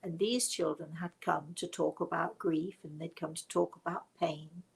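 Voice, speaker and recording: Hushed, gravelly older British woman. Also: fairly low pitch, fairly even intonation, moderate pace, poor audio. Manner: hushed, dramatic storytelling, often dropping to a whisper. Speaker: spiritual medium. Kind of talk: live storytelling show.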